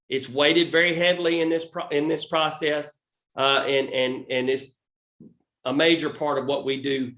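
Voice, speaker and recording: A man with a Southern American accent, a fishing recruiting scout, explaining a recruiting program in a halting way full of restarts and fillers. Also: medium pitch, fairly bright tone, roomy sound.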